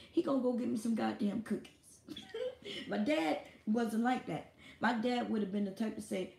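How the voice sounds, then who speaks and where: A woman hosts her own live stream in a loose, casual monologue, blunt and quick to swear. Her voice is low-toned and mellow with a gravelly fry running through it. The room around her adds a noticeable echo. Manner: blunt and profane.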